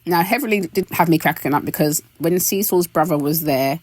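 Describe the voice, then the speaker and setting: A British woman hosting a casual, gossipy recap of a reality show, animated and quick to laugh. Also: no echo. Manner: animated, laughing, expressive pitch jumps.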